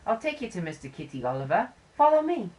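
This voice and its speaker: A woman doing a high, eager little spirit girl. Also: big pitch swings, fast, a little mellow, a little hiss or hum, lightly acted, rough recording. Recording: game music playing under the voice.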